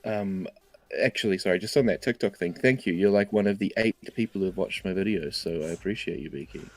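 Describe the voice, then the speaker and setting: A man's voice: deep voice, fairly quick. A man with a New Zealand accent, a guest in a casual livestream chat, talking in a joking, self-deprecating way.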